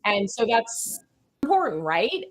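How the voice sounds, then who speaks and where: A middle-aged woman consultant answering podcast interview questions in an energetic, fast way, often tagging her points with "right?". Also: on the high side. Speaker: sales consultant guest.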